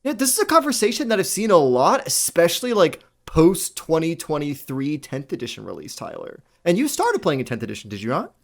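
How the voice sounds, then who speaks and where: A man co-hosting a podcast, playful and animated in casual chat. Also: fairly high pitch, a little fast, creaky, few pauses. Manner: animated, playful, stumbling restarts. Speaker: podcast co-host.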